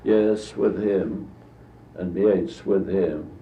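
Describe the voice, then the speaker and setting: An American man in his eighties, telling long anecdotes in a rambling, halting way during an interview. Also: deep voice, mellow, a little hiss or hum. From United States. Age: 80s. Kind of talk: recorded archival interview. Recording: dull distant 1950s tape in an echoey room.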